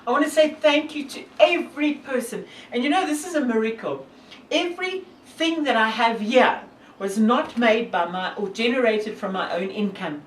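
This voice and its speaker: South african lady vlogging, earnest and rambling, bit high pitched, sounds far from the mic in an echoey room. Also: animated, moderate pace, a little hiss or hum. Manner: earnest, devout, rambling with many fillers. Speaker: hiker and vlogger. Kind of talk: casual talk to camera.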